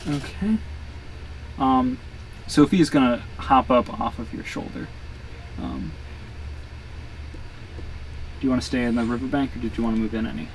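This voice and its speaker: Brief: easygoing GM voice, mid pitch, noisy stream mic. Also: moderate pace, long pauses. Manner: easygoing, hesitant fillers. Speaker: game master. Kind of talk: narrating a tabletop game.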